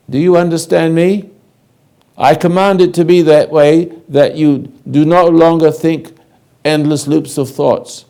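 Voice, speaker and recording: An older man giving a slow, halting spiritual lecture, speaking directly to a listener in a commanding way. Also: medium pitch, gravelly, dark tone. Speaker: spiritual teacher.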